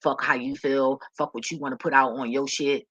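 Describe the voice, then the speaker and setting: A woman vlogger rants bluntly and profanely to camera. Her voice is forceful and bright, and the sound is dry. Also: rumbling low, steady tone, fairly quick, slightly rough, no room sound, dull audio. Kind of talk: profane storytelling rant.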